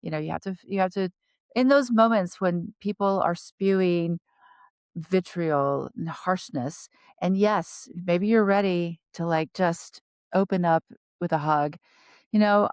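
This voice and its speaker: Female co-host, middle-aged, low-ish gentle voice, caring practical manner, dry sound. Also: measured pace, clear, resonant tone, no echo. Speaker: podcast co-host. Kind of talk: casual panel discussion.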